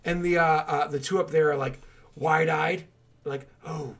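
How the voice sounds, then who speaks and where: A man running a tabletop game, telling the action in an animated, rambling way full of filler words. His voice is a bit high for a man. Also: moderate pace. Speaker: game master.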